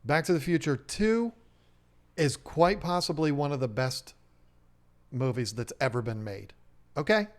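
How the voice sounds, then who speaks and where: A man co-hosting a live stream about aquarium fish, reading viewer messages and rambling through jokes and stories in an excitable, chatty way. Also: on the high side, unhurried, pauses often. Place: fish shop owner's live stream setup.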